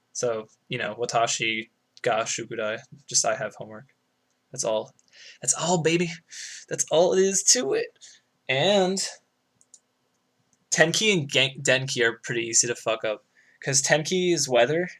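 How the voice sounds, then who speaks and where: A man's voice: medium pitch, a bit bright. A young man talking loosely over a game run, explaining Japanese words as a student, with many fillers and casual swearing. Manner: rambling and loose, lots of "like", swears freely. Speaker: speedrunner.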